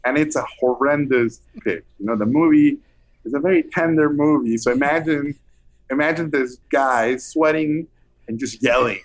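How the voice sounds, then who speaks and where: A man recounting an anecdote as an interview guest, lively and animated, acting out the people he quotes. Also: mid-range voice, moderate pace. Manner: animated, acts out quoted voices. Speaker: film director guest. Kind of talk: anecdotal storytelling.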